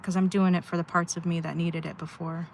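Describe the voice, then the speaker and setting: Woman, slightly low voice, candid rambling livestream talk, sighing, in her car, faint hiss. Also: level tone, a little fast. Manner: rambling, sighing, heartfelt venting. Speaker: live streamer. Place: inside her car at a rest stop.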